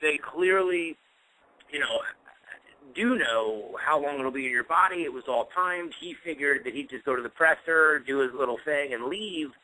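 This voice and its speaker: This co-host's voice sits a little high and sounds bright and forceful, moving at a normal speed. He tells long, meandering stories full of fillers in casual podcast chat, over a poor internet radio call line with faint noise.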